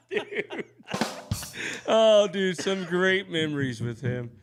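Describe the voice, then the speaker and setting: A man co-hosting a casual podcast, excitable and slangy, laughing between his lines. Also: high-pitched, extremely slow, over music. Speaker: co-host. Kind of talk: casual chat.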